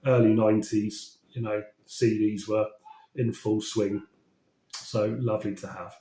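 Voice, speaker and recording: A man from England chatting casually about records he collected, his voice slightly croaky after a cold, enthusiastic and often correcting himself mid-sentence. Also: fairly low pitch, level tone, measured pace, warm tone. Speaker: vinyl collecting vlogger. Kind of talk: casual chat. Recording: roomy echo.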